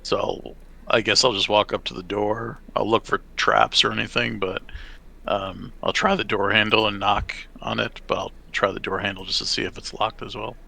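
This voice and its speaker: A man's voice: fairly low pitch, level tone, moderate pace, creaky, pushed and bright. A man playing a tabletop game, tentatively thinking his moves aloud. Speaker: player.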